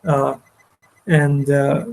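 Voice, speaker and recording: Gravelly man retelling a story haltingly. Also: mid-range voice, monotone, a little mellow, low-quality recording. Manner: halting, repeats words, many restarts. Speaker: teacher. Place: study hall.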